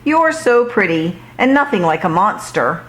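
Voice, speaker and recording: A woman voicing a dreamy, slow-witted young male dog in a children's story, with a soft, wondering tone. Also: medium pitch, big pitch swings, poor audio.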